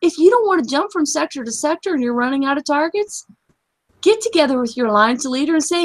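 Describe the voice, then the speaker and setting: A high-voiced woman talks straight at her listeners, blunt and heated. Her speech is casual and full of profanity, the tone of a gaming host ranting to her audience. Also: lively intonation, fast.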